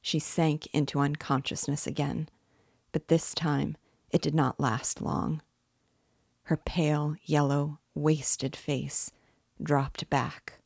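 Low, gravelly woman reading a novel. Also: a little mellow, no room sound, clean studio sound. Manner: measured, unhurried literary narration. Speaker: book club host reading a novel aloud. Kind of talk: audiobook-style reading.

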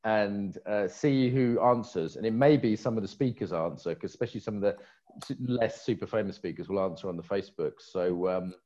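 A man's voice: on the low side, brisk, dark tone, highs cut off. A man co-hosting a live online conference stream, chatty and jokey. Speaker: conference co-host. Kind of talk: casual live-stream chat.

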